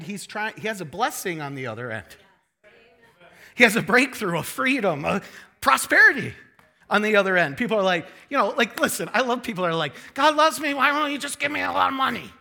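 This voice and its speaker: Animated, high-voiced male preacher. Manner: animated, joking, acts out quotes in changing voices. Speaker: pastor. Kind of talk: sermon.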